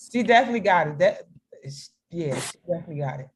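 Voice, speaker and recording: A woman's voice: fairly low pitch, slight background noise. A woman leading a video meeting as facilitator, chatty and playful with frequent laughs, heard over a video call. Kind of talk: casual video-call chat.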